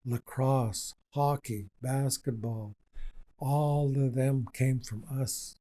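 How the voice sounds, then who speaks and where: An older man, an Indigenous elder, telling stories in a slow, repetitive, earnest way during a conversation. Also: medium pitch, fairly even intonation, mellow, low-quality recording. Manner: unhurried and repetitive, speaking with conviction.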